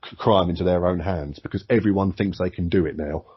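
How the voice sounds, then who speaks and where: A man's voice: low-pitched, fast, slightly rough, highs cut off. A man co-hosting a podcast, ranting and swearing heavily. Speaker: podcast co-host. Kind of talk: casual podcast chat.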